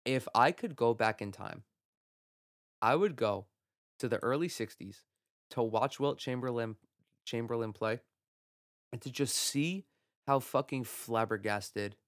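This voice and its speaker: A young man hosting a solo sports podcast from home, talking in an excitable, profane rant and laughing at his own jokes. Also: fairly low pitch, dry recording, studio quality. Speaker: podcast host. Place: home room.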